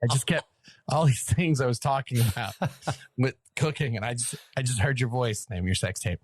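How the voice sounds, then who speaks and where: Laughing Southern-accented podcast host. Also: male voice, medium pitch, normal speed, husky, no room sound, clean studio sound. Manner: animated storyteller, laughs often, mimics voices. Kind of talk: casual chat.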